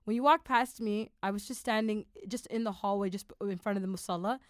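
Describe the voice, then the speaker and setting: A woman podcast host with a smooth, resonant voice at an ordinary pitch, talking in an animated, emotional way. Her recall rambles and restarts. The recording is dry and close. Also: brisk, dry recording. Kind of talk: conversational interview.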